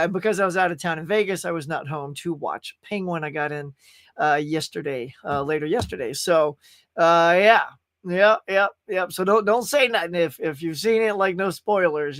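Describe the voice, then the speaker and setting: Brief: high-voiced male livestream host, chatty and rambling, dry close sound. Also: fairly bright tone, no room sound. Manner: chatty and rambling, laughs often, greets viewers by name. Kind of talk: casual live-stream chat.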